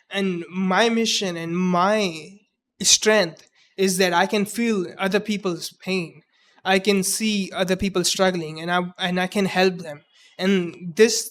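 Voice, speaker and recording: A man in his twenties with a mixed Indian English accent, talking earnestly and haltingly in a personal reflective monologue, often restarting his words. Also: sits high, a bit bright. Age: 20s. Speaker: vlogger.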